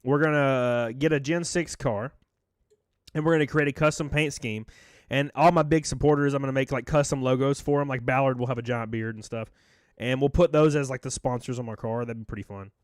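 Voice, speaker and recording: A man's voice: mid-range voice, steady tone, brisk, no room sound. Casual joking male streamer, dry sound. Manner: rambling, joking, swears freely, thanks viewers warmly. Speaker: live streamer. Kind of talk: casual live-stream chat, reading viewer messages.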